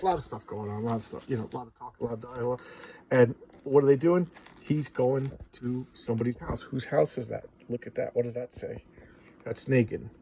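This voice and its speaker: A man's voice: medium pitch, fairly quick, gravelly, warm tone, slight background noise, rough recording. A man giving a casual, loosely told recap of a comic book issue, now and then acting out the characters' lines.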